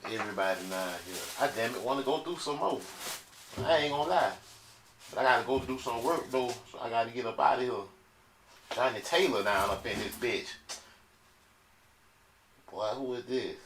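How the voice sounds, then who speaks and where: A man's voice: mid-range voice, normal speed, pauses often, a bit bright. A man chatting casually to his viewers in a loose, slangy, joking way as he shows off his record collection. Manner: loose, slangy, joking, talks straight to the audience. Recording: crowd and noise behind the voice.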